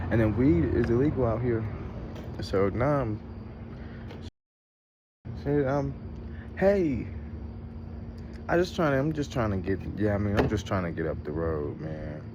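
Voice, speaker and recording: A man's voice: medium pitch, moderate pace, pauses often, muffled recording, background noise. A young man, hosting a casual travel vlog, rambling and swearing as he talks through his frustration and laughs at it. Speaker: show host.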